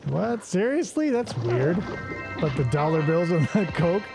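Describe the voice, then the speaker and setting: A man's voice: a little high, unhurried, gravelly, over music. A man hosting a casual podcast, riffing crudely and animatedly on old commercials. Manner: crude, joking, animated storytelling. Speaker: podcast host.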